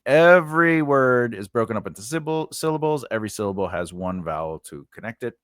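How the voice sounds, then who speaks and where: A man's voice: medium pitch, animated, a little fast, fairly bright tone, dry recording, clean studio sound. A man giving a casual lesson on building grammar for invented languages, rambling and correcting himself, often checking in with "right?". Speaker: writing teacher.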